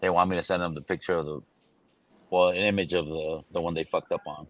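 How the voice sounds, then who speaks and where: Deep-voiced, cussing podcast host. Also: male voice, little pitch movement, fast talker, a little hiss or hum. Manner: profane, laughs loudly, swears casually. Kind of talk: casual chat.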